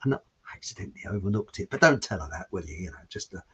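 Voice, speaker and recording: A man's voice: low-pitched, animated, rapid-fire, breathy edge. A man hosting a live show, chatting casually and reading viewer comments aloud, rambling with loose restarts and chuckles. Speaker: livestream show host. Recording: dull lo-fi stream audio.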